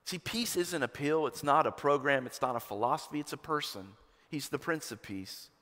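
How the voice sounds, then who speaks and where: A male pastor preaches with passion, his fairly high voice climbing to ringing emphasis and then falling to near-whispers. His words carry a long reverb off the walls of a large church sanctuary. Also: normal speed. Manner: impassioned preaching, swinging between loud emphatic peaks and hushed lows. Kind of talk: sermon.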